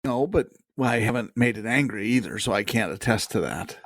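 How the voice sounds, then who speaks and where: A man's voice: mid-range voice, animated, brisk, a bit bright, no echo. Jokey laughing man, dry close mic. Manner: jokey, laughs often, stumbles and restarts. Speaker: podcast co-host. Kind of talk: casual chat.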